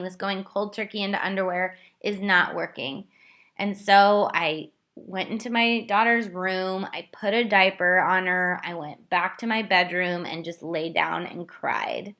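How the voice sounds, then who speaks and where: A woman's voice: medium pitch, a bit bright. A young woman hosting her own podcast, telling a candid, self-deprecating story about her week. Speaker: podcast host. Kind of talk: confessional solo podcast.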